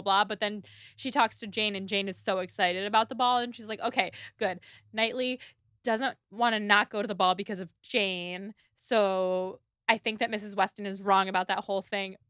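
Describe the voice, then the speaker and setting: A woman's voice: medium pitch, fairly bright tone, clear, resonant tone, no echo, studio quality. A woman co-hosting a podcast, recapping a novel in a chatty, casual way with frequent laughs and lots of "like". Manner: chatty, laughing, many likes. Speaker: podcast co-host. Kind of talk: casual book discussion.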